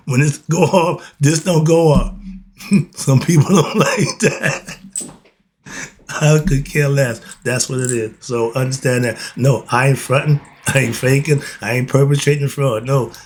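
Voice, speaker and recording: A man's voice: medium pitch, steady tone, unhurried, darkish tone. A man, giving a casual, blunt monologue, often laughing and asking and answering his own questions. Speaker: host of a philosophy talk channel.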